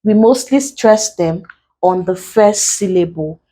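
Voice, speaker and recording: A woman's voice: on the low side, mellow. A woman teaching an exam-prep English lesson with a Nigerian accent, explaining rules step by step and spelling out letters. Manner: slow, deliberate, spells out letters. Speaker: English tutor.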